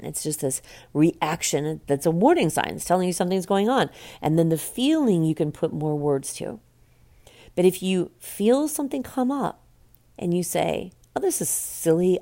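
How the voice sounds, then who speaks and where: A woman hosting a podcast, talking calmly in a coaching, reflective monologue. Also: fairly low pitch. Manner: calm, coaching, speaks in quoted self-talk. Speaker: podcast host.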